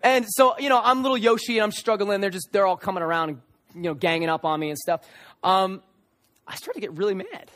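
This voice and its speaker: A young male pastor with a high voice gives a sermon to a live audience. He talks earnestly, tells stories with energy and often restarts his sentences. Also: brisk. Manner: earnest, animated storytelling with many restarts. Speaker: youth pastor. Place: church service room before an audience.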